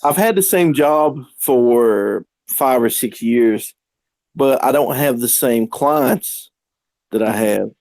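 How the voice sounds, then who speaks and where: A man's voice: medium pitch, expressive, takes it slowly, a little mellow, no room sound. A man telling casual, rambling stories as a podcast guest, acting out the quotes. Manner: rambling anecdotes with acted-out quotes. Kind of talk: casual storytelling.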